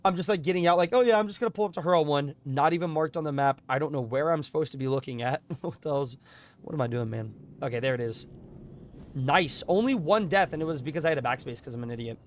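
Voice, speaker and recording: A man's voice: a little high, fast talker, a little hiss or hum. Chatty young male gamer, strained voice. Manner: chatty, talks to chat, bursts of excitement. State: voice strained from yelling. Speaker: streamer. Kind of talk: casual live gameplay commentary.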